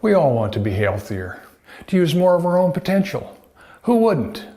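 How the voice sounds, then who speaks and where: A man's voice: a little high, very animated, normal speed, mellow. A man, a doctor, gives a scripted health talk to camera in a folksy way, full of rhetorical questions. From United States. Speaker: doctor presenting a health video.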